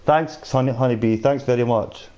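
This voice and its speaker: Reading viewers' comments aloud as he plays, a man chats casually on his gaming stream. He has a warm, mid-range voice and talks at a normal speed.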